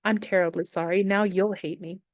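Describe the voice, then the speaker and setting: A woman voicing a shy, tearful teenage girl, speaking softly and shakily as if close to tears. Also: medium pitch, fairly even intonation, fairly quick, dry recording, lightly acted. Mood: upset. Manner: soft and shaky, close to tears.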